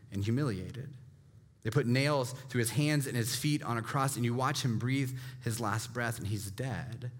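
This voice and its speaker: A man, preaching a sermon as a pastor, talking conversationally with frequent asides to the listeners and sinking low and quiet for emphasis.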